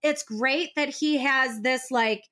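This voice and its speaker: A young woman with a high, bright voice chats casually as a podcast co-host. She tells stories animatedly and acts out the scenes as she goes. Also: takes it slowly. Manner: animated storytelling, acting out scenes. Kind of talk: casual chat.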